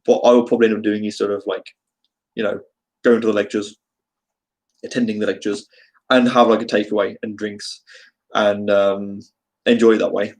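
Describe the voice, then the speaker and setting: A man's voice: lowish voice, level tone, normal speed, pauses often, poor audio. A man with a Birmingham accent chatting casually to his live-stream viewers, rambling and joking with many fillers. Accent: Birmingham English. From England.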